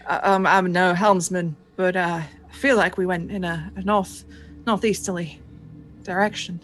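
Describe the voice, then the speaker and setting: A woman's voice: fairly low pitch, fairly even intonation, a little slow, soft background music, close to an everyday voice. A terrified young deckhand gunner from a pirate tabletop game, voiced by a woman. He stammers, trips over his words and keeps repeating himself, as if he can't shake what he saw. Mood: fearful, rambling.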